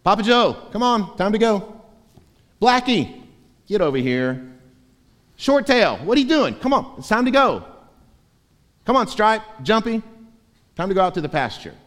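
A man's voice: sing-song, a little slow, long pauses, long reverb tail, heavily acted. A man calling as a cheery shepherd rounding up sheep. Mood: coaxing. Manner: loud, high, coaxing calls.

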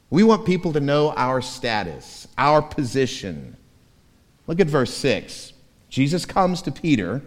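A man preaching as pastor, telling stories in a self-mocking, emphatic way. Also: medium pitch. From Florida. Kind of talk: sermon. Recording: echoey church hall.

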